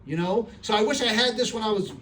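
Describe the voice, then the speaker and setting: A middle-aged man answers questions from a live audience in an earnest, streetwise way. His voice sits a little high for a man. It is picked up from across the room with faint background noise. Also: fast talker, a bit bright, distant mic. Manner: streetwise, earnest, tells stories with acted voices.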